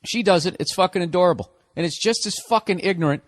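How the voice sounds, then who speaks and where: A man's voice: high voice, quick pace, no room sound, clean studio sound. A man delivering a profane comedic rant, exasperated and full of swearing and rhetorical questions.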